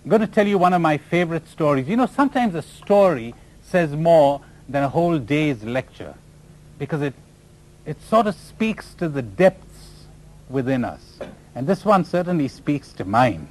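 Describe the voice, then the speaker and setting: A man's voice: fairly high pitch, animated, moderate pace, darkish tone, a little hiss or hum, rough recording. A man from India, giving a spiritual lecture full of stories and laughing at his own jokes. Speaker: spiritual teacher.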